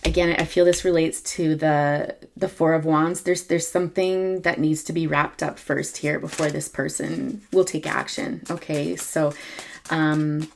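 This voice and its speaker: A woman reading tarot cards to camera in a casual, halting way, full of ums and self-corrections. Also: low voice, steady tone, vocal fry, a little hiss or hum. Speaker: tarot reader.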